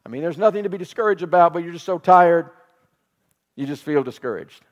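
A man's voice: fairly high pitch, lively intonation, a little fast, in a large hall. A man preaching a sermon. He repeats phrases for emphasis and puts questions to the congregation. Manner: laughs while telling a home story. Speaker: pastor.

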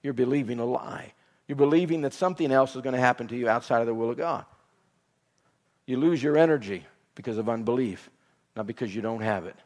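A man preaching a sermon in emphatic, repetitive phrases, with soft instrumental music behind him. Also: mid-range voice, brisk.

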